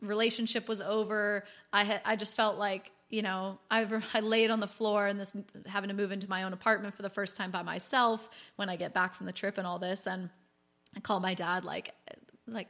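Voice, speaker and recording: A woman's voice: medium pitch, fairly quick. A woman in her thirties, a guest telling her own story in a candid, chatty way and acting out quotes. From California. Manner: chatty, animated, acts out quotes. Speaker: guest, business founder.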